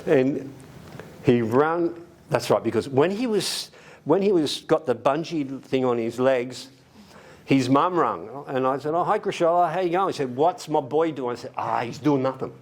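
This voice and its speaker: Lively Australian man telling stories. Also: medium pitch, measured pace. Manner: animated, acts out quoted voices, laughs often. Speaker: storyteller. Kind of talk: casual anecdote telling. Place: library event room.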